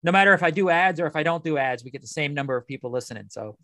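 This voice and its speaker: A man's voice: on the high side, animated, very fast, sharp tone, dry recording, studio quality. A man co-hosting a collectibles podcast, chatting and grumbling in an easygoing way. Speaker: podcast co-host. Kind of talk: casual chat.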